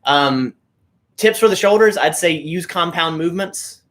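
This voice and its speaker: Young man, easygoing guest, fairly high pitch, speaks his mind plainly. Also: animated, measured pace, a bit bright. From United States. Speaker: guest, fitness creator. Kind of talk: casual livestream chat.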